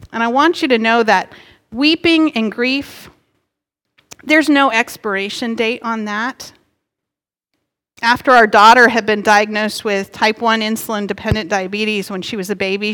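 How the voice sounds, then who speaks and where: A middle-aged woman pastor preaching a sermon in an earnest, gently emphatic way. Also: mid-range voice. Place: church sanctuary. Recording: long hall reverb.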